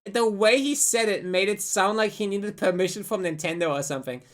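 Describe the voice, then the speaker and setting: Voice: mid-range voice, a little fast. A streamer chatting casually and rambling on a live stream, swearing freely and often cutting off their own sentences. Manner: rambling, profane, self-interrupting.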